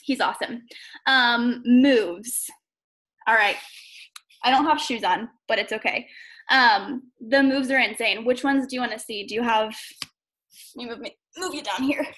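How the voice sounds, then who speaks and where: A woman with a somewhat high voice chats on a video call. She is enthusiastic and full of fillers. She is panting and out of breath as she talks. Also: normal speed, long pauses, a bit bright, a little hiss or hum. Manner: enthusiastic, chatty, many fillers like "um" and "like". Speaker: fitness coach sharing on a team call. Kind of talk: casual video call chat.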